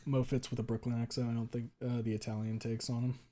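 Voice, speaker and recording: A man streaming live, chatting casually with his viewers. He swears often, fills his talk with "like", and gets loud and high when something amuses him. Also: level tone, fast.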